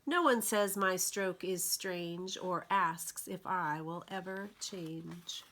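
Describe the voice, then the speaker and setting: A woman librarian reading picture books aloud to young children, gentle and expressive. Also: on the low side, slow. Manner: gentle, expressive storyteller for toddlers.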